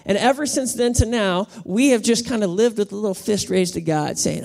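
A woman pastor preaching to a congregation in an animated, playful way, calling on the room to answer back. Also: mid-range voice, normal speed, creaky. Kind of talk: sermon. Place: church auditorium with congregation.

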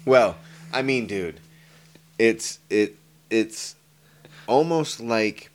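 A man's voice: lowish voice, lively intonation, very slow. A man co-hosting a casual movie podcast, rambling with hesitations and occasional swearing. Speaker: podcast co-host.

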